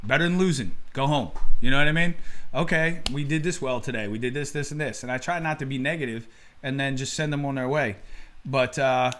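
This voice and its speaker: A middle-aged man co-hosting a casual baseball chat, telling animated stories and acting out what people said. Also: mid-range voice, brisk, slight background noise. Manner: animated storyteller who acts out quotes. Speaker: co-host and youth baseball coach.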